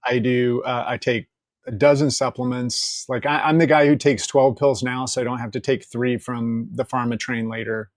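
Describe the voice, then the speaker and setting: Guy on a podcast telling a story, mid pitch, swears, cracks jokes, super dry sound. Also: normal speed, no room sound. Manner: candid, joking, quotes people in lively asides, swears freely. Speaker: podcast guest. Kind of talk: casual storytelling.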